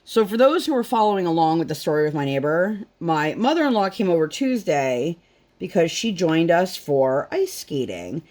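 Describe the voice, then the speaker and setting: Woman, 30s, low-pitched and animated, loose and rambling crafting chat at a desk. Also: normal speed. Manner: rambling, chatty, acts out her daughter's questions in a higher voice. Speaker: crafting vlogger. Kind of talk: casual chat while crafting.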